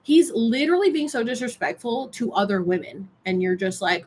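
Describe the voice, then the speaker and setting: A woman's voice: on the high side, expressive, normal speed, a little mellow, a little hiss or hum. A woman on social media telling a story in a casual vlog, rambling with lots of filler words and reading oracle cards aloud. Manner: rambling, filler-heavy retelling.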